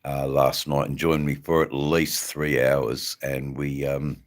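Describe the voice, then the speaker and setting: A man hosting a live stream, chatting casually with viewers in a rambling, halting way. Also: rumbling low, little pitch movement. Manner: rambling, halting, many ums and restarts.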